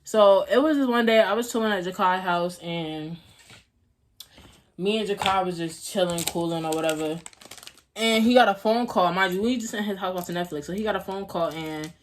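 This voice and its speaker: A woman's voice: medium pitch, normal speed, slight background noise. A young woman vlogging at home, telling a casual story in a rambling, slangy way with laughs.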